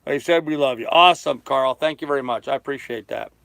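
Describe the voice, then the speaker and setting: Chatty older man, crisp voice. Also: mid-range voice, fast talker, fairly bright tone, dry recording. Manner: chatty, reads out and answers viewer comments. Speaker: sailing vlogger. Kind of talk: casual live-stream chat. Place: aboard a small sailboat.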